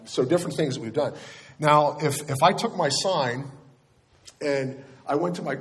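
Male pastor, middle-aged, informal preaching, talks straight to the congregation, mid-range voice. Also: mid-range voice. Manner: conversational, self-deprecating, with asides to the congregation. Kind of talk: sermon.

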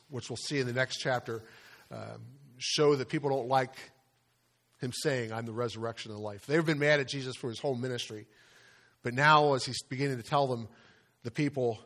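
An older man gives a sermon as if chatting with his listeners, stopping and restarting his sentences. His voice sinks soft on the sad parts and rises high on the questions he asks. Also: moderate pace, long pauses. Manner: conversational storytelling with frequent fillers and restarts. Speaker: preacher.

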